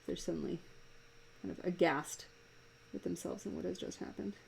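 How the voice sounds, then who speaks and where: A woman's voice: fairly low pitch, moderate pace, creaky, a little mellow, slight background noise, low-quality recording. A woman cartoonist chatting casually while she draws live at her desk, amused and rambling, laughing often. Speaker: live-drawing cartoonist and streamer. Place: home desk.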